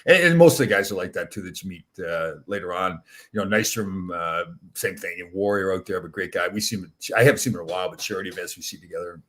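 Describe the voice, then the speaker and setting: Fast-talking man telling hockey stories. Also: deep voice, a bit bright. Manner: rambling, laughs through his stories. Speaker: podcast host, former hockey player. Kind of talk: casual storytelling chat.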